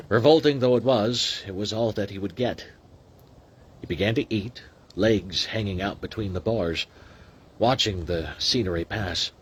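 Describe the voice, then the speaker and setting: A man casually reading a novel aloud, who breaks off into excited asides. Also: fairly low pitch, a little hiss or hum. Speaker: reader.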